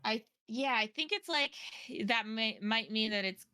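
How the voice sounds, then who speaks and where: A woman game master narrates a tabletop game in a casual, loose way. Her tone is bright. The recording is dry and close. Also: a little high, measured pace, clear, resonant tone, no echo. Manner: casual, loose with fillers and restarts.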